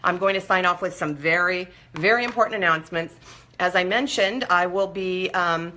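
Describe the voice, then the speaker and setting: A woman's voice: lowish voice, moderate pace, bright, forceful tone. A woman hosting a live-streamed recovery support talk, coaching viewers in an earnest, direct way.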